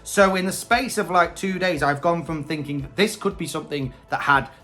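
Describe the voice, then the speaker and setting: A man's voice: a little high, normal speed, sharp tone, faint music behind. A man hosting a casual video review, chatting with hesitant opinions. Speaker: host.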